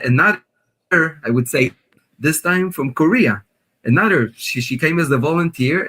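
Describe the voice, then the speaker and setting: A man with an Israeli accent talks as a guest professor in a video call interview. He tells his own story in an earnest, slightly apologetic way. His voice is at an ordinary pitch for a man. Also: fairly bright tone. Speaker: guest professor of biblical studies.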